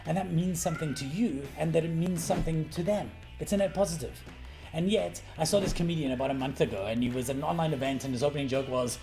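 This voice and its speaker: A middle-aged man coaching on presentations in a brash, animated vlog style, swearing freely for emphasis. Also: on the high side. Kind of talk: energetic talking-head vlog. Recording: faint guitar music underneath.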